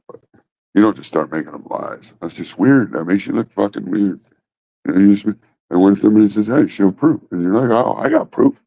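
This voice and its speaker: A man's voice: low voice, creaky, a little mellow, dry recording. A man hosting a casual livestream from his phone, rambling and swearing bluntly. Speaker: livestream host. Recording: dull lo-fi phone audio.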